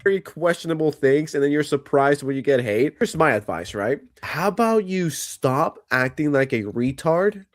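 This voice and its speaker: A man's voice: fairly high pitch, animated, normal speed, hardly any pauses. A man in a commentary video giving blunt, mocking advice.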